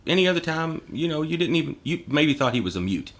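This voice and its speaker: A man's voice: a little high, quick pace. A man guest on a podcast, telling rambling, profane stories in casual chat. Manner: rambling, profane, animated storyteller.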